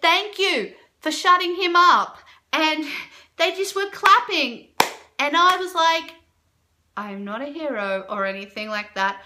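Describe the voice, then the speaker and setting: A young woman telling a story to camera in a casual, animated way, with lots of fillers and her own reactions jumping up high. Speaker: vlogger.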